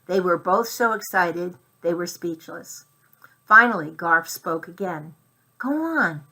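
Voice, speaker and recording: A woman reading a children's chapter book aloud in clear storytelling style. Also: lowish voice, measured pace, pushed and bright. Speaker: narrator.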